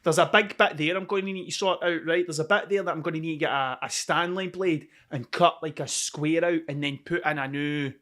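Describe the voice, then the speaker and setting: Scottish man, podcast host, high voice, sweary, rambling, self-mocking, casual monologue. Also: fairly even intonation, fairly quick, hardly any pauses, sharp tone. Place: cold room at home. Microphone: camera mic.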